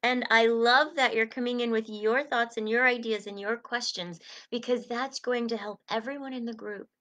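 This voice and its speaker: A woman's voice: on the high side, steady tone, moderate pace, a bit bright. A middle-aged woman coaching a small group through relaxation. Her voice is soothing and encouraging, and it eases down whenever she guides a breath or a stretch. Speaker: coach leading a self-help group. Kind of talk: gentle guided coaching talk.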